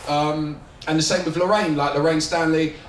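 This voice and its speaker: A man's voice: on the high side, fairly even intonation, moderate pace. A man, a film director at a festival Q&A, rambling, swearing and laughing as he talks. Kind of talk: festival Q&A after a screening. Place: screening venue with an audience. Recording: roomy, distant, audience and noise behind.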